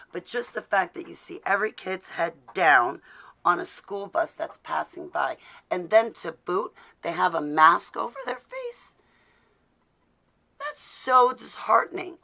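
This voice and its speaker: A woman's voice: fairly low pitch, big pitch swings, unhurried, vocal fry, sharp tone. A woman vlogger in a rambling, sarcastic live video from home, greeting viewers by name as she talks. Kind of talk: casual rambling political rant.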